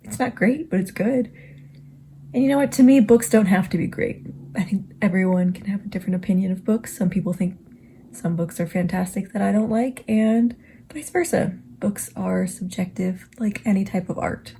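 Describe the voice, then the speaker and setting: A woman's voice: mid-range voice, normal speed, gravelly, mellow, a little hiss or hum. A young woman vlogging about her writing day, chatty and self-mocking, sometimes dropping into a whisper. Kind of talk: casual writing vlog.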